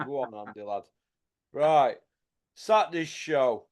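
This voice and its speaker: A man's voice: mid-range voice, expressive, takes it slowly, darkish tone. A man hosting a casual boxing chat, blunt and sweary, laughing often. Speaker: host.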